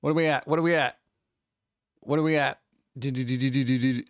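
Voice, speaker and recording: A man hosting a casual live stream, rambling excitedly and greeting chat members by name. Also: mid-range voice, brisk, no room sound, muffled recording. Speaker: livestream host.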